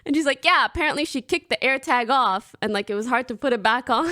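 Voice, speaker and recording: A woman's voice: high voice, quick pace. A young woman streamer casually telling her chat a story, swearing freely and acting out what people said. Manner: animated, swears freely, acts out quoted lines.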